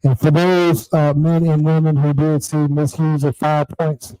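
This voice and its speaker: A man with a slightly raised pitch and a dark, mellow tone co-hosts a laid-back podcast. He speaks in an emphatic cadence and repeats his phrases. The audio comes through muffled and distorted. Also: flat delivery, a little slow. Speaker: podcast co-host. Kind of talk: casual podcast chat.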